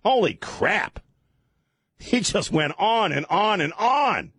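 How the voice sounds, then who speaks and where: A man's voice: high voice, sing-song, takes it slowly, fairly bright tone, slightly rough, no room sound. A man hosting a talk radio show, ranting irreverently and laughing often, on a studio microphone.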